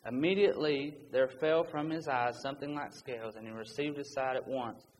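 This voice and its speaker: A man delivers an earnest, urgent sermon, reading scripture aloud between his own points. His voice sits at a middle pitch and rings with a long reverb from a church hall, over a faint background hiss. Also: normal speed. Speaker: preacher.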